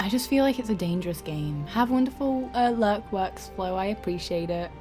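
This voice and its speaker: A woman's voice: medium pitch, lively intonation, moderate pace, mellow, faint music behind. A young adult woman streaming a game, chatting casually with her viewers, laughing often and swearing freely. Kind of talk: casual live-stream chat.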